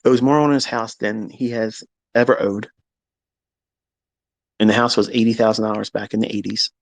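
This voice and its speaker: A man, a trading educator, telling a candid personal story in a blunt, profane, animated way. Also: fairly low pitch, normal speed, gravelly, no echo, low-quality recording.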